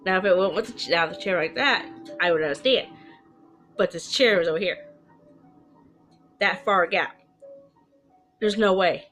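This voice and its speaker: A woman's voice: fairly low pitch, normal speed, pauses often, fairly bright tone, soft background music. A woman telling her own ghost story to camera in a casual, chatty way, rambling with asides and restarts. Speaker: storyteller of personal ghost stories.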